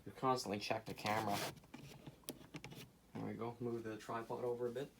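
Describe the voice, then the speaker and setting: A man hosting a casual repair video, rambling and joking to his viewers as he works, often away from the camera and now and then breaking into loud bursts. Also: mid-range voice, little pitch movement, fairly quick, gravelly, noisy background. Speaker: hobbyist video host repairing a clock. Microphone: camera mic, speaker often away from camera.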